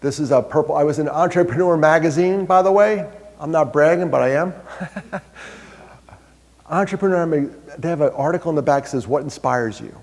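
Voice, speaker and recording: Animated man speaking in a reverberant hall. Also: a little high, a little fast. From New York. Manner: animated storyteller, quizzes the crowd, jokes about himself. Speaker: mental health speaker. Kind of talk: live motivational talk to an audience. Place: large hall with an audience.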